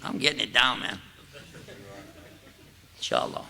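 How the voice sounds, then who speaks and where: A man's voice: mid-range voice, huge pitch swings, a little slow, creaky, bright, forceful tone. An older man from the United States giving an Islamic lecture in a mosque, a folksy, joking storyteller with casual asides. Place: mosque hall. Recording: echoey hall.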